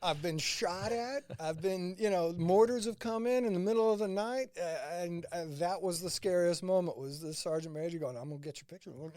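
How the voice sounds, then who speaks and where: A man's voice: high voice, fairly quick, few pauses, no echo, clean studio sound. A man from St. Louis, a former combat medic, telling stories in a casual interview and quoting people along the way. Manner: animated anecdotes, quoting others in dialogue.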